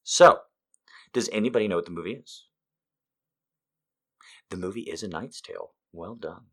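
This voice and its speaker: A man in his thirties delivers a casual comedic monologue, swearing freely and swinging between loud outbursts and muttered asides. His voice sits low and is slightly rough, at a normal speed.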